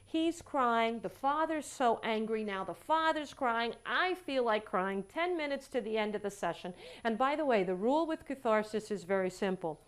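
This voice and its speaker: Animated woman telling a counseling story. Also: a little high, normal speed, hardly any pauses, clear, resonant tone. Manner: acts out both sides of a dialogue; animated, emphatic repetition. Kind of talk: storytelling lecture.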